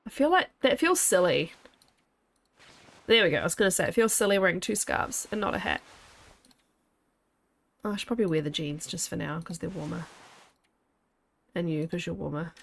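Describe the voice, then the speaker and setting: A New Zealand woman streams a game, chatting easily with viewers and with herself and laughing often. Her fairly low voice has lively intonation and vocal fry, and she speaks at normal speed while pausing often.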